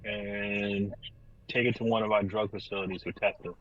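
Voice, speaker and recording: Low, husky male player. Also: flat delivery, moderate pace, fairly bright tone, muffled recording. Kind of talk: tabletop role-play.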